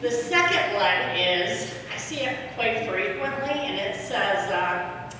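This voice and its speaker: A woman's voice: mid-range voice, expressive, takes it slowly, bright, forceful tone, a little hiss or hum. A woman doing a stand-up comedy set, telling stories in a chatty way and asking the crowd questions. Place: comedy club stage. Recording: echoey club, heard from far off.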